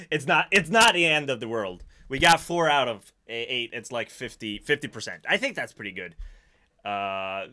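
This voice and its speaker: A man's voice: mid-range voice, moderate pace. A man from Sweden with a Swedish accent, chatting casually on a live stream and often laughing at himself. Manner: animated, laughing, self-deprecating.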